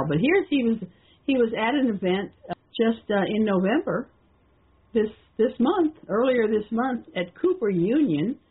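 An older woman hosting a call-in radio talk, rambling and halting with many restarts and fillers. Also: lowish voice, husky. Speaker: radio show host. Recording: tinny phone-line sound.

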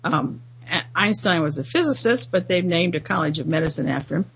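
A woman's voice: on the low side, animated, brisk, fairly bright tone, slightly rough, rough recording. A woman hosting a commentary show, talking through news items in a rambling, indignant monologue with frequent fillers and restarts.

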